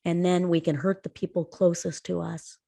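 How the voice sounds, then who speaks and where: Low-voiced woman telling earnest stories. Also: flat delivery, normal speed, creaky, warm tone. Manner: earnest storyteller, emphatic rises. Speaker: podcast co-host. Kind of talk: conversational podcast chat.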